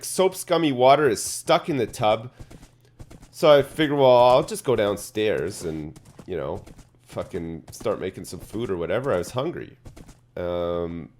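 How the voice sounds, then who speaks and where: A man telling an absurd made-up story in a deadpan, rambling way, swearing and full of fillers, like a streamer chatting. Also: lowish voice. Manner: deadpan tall tale, swearing, lots of fillers.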